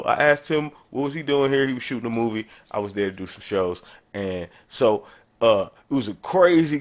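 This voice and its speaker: A man hosting a podcast, telling a travel story in a casual, animated storytelling way. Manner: animated, conversational, jumps in pitch for emphasis. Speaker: podcast host.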